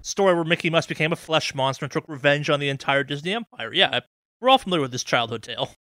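A man co-hosting a casual podcast chat; he talks with excitement and often stumbles over repeated words as he starts a sentence. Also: a little high, fast, no echo. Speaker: podcast co-host.

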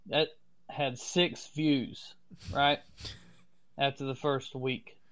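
The Florida man's mid-range voice is fairly bright and level, and he speaks extremely slowly. With his strong Southern US accent, he swaps casual stories as a podcast guest, relaxed and freely swearing.

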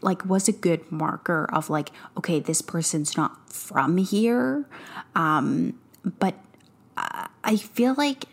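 A woman's voice: on the low side, husky. A woman co-hosting a casual book discussion podcast, talking loosely with lots of fillers and restarts. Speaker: podcast co-host.

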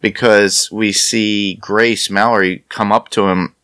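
A man's voice: on the low side, steady tone, fairly bright tone, clean tone, no room sound. A man co-hosting a podcast in a laid-back casual chat about a TV episode. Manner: laid-back, quick agreeing replies. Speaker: podcast co-host.

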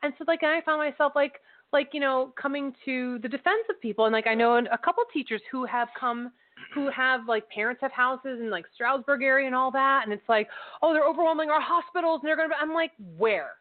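A woman's voice: sits high, steady tone, a little fast. Chatty woman on a tinny line. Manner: chatty, swears freely, many fillers and restarts. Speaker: co-host. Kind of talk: casual political chat. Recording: phone-like narrow sound.

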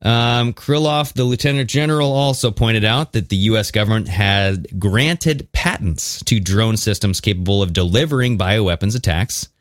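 Lower-voiced man, dry close mic. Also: moderate pace, hardly any pauses, no echo. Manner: animated, conspiratorial, mixes reading with jokes. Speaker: podcast co-host. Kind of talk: casual chat.

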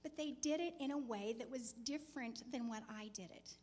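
A woman sharing a teasing, lively story in a sermon alongside her husband. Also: on the high side, brisk.

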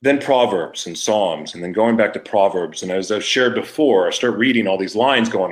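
Candid low-voiced man confessing. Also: moderate pace, few pauses. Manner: candid, emotional, with frequent restarts. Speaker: podcast host. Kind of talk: confessional personal storytelling.

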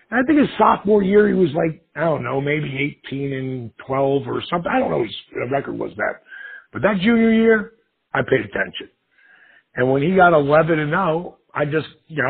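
A gravelly, husky middle-aged man talks through a tinny phone line. He tells his story casually and with lively energy, slipping into the voices of the people he quotes. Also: a little high. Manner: animated, acts out quoted voices. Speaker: podcast guest.

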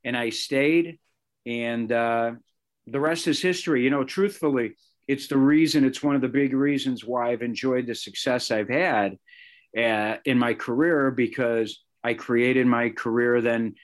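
A middle-aged man from the area, a sportscaster telling personal stories in an interview, animated and full of asides. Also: medium pitch, measured pace. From Chicago area, Illinois. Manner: animated, anecdotal, with fillers and self-corrections. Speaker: sportscaster guest.

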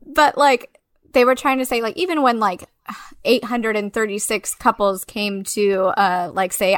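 A woman's voice: on the high side, normal speed, fairly bright tone, no room sound. A woman co-hosting a podcast, chatting casually and animatedly, swearing and laughing often. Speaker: podcast co-host. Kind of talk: casual chat.

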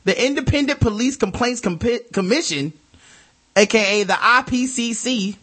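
A man's voice: very high-pitched, normal speed, a bit bright, husky. A man co-hosting a casual comedy podcast, reading listener mail and news stories aloud and riffing on them with lots of swearing and jokes. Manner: profane, joking, reads news aloud with riffs. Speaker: podcast co-host.

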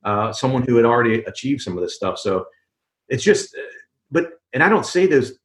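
A man's voice: mid-range voice, very animated, fairly quick. A man in a casual interview, telling a story conversationally and checking in with "right?" and "you know". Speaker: podcast guest.

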